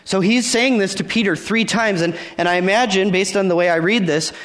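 A man's voice: high voice, brisk, a bit bright. A man preaching a conversational sermon, reading scripture aloud and acting out the dialogue in his own words. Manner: conversational, acts out the dialogue with repeated phrases. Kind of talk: sermon, Bible teaching.

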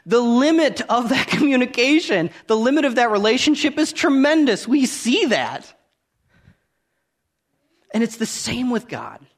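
A man in his thirties preaching a sermon, earnest and conversational, rising loud on key points and dropping to quiet asides. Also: extremely high pitch.

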